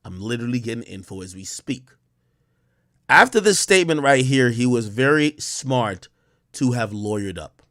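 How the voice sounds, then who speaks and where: Man, lively pitch swings, rather high, emphatic commentary, dry close sound. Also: dry recording. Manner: emphatic, rhetorical, talks through pauses with fillers. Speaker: commentator reading messages. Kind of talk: reaction commentary.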